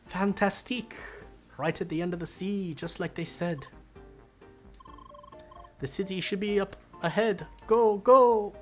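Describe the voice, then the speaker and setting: A man's voice: high-pitched, unhurried, long pauses, faint music behind, voice pushed up. A man voicing a perky young female game heroine with an exaggerated, imperfect French accent, bubbly and exclamatory. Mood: eager. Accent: French (put on, imperfect).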